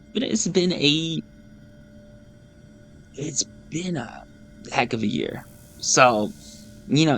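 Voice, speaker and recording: A man in his thirties hosting a gaming channel, chatting casually over gameplay in a rambling, self-deprecating way and often repeating his words. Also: mid-range voice. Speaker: gaming YouTuber host.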